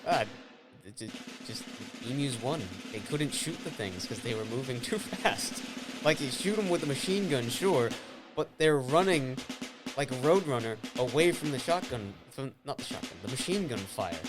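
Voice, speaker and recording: A man's voice: mid-range voice, lively intonation, moderate pace. Easygoing man telling a story over music. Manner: easygoing, explains things with amused asides. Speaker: podcast co-host. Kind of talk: casual comedic chat.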